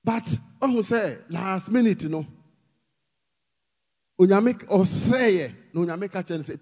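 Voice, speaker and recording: A man with a Ghanaian accent preaching a sermon, pleading with the congregation and rising to shouted emphasis. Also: high-pitched, animated, unhurried, pauses often, in a large hall.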